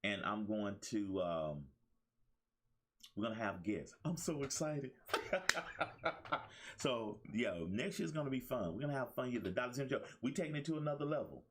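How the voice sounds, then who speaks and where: A man's voice: on the low side, expressive, brisk. A man hosting his own motivational talk show, preaching to listeners with repeated phrases. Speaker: life coach and show host.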